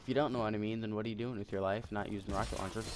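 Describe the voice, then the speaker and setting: A man giving chatty, excitable commentary while he plays a game, often breaking into sudden exclamations. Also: fairly low pitch, very fast, slight background noise. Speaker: gamer. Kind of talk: casual gameplay commentary. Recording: game audio mixed with loud music. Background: game music.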